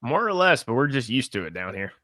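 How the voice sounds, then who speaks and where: A young Southern American man co-hosts a relaxed podcast, talking through ideas with lots of asides. His voice is bright and forward, recorded dry and close with no room sound. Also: mid-range voice, a little fast, no echo. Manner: chatty, explains at length with asides. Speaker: podcast co-host. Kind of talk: casual podcast chat.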